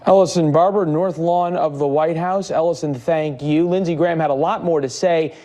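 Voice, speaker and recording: A man anchoring a news broadcast in a smooth, conversational studio delivery. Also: on the high side, fairly even intonation, normal speed, warm tone.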